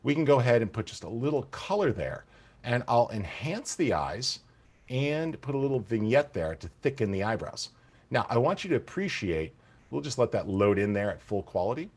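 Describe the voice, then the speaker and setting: A man teaching photo-editing software in an enthusiastic, conversational tutorial, talking straight to the viewers. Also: medium pitch, very animated, normal speed. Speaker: software instructor. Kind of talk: screen-recorded software tutorial.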